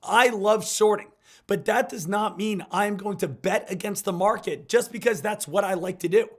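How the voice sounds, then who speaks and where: A hoarse, high-voiced man still recovering from an illness streams stock trading, giving hyped, repetitive live market commentary at a normal speed.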